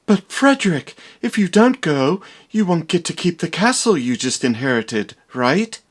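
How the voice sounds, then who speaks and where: A man voicing a young woman fiancée in a sing-song falsetto, sweet but shallow. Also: very animated, unhurried. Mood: teasing.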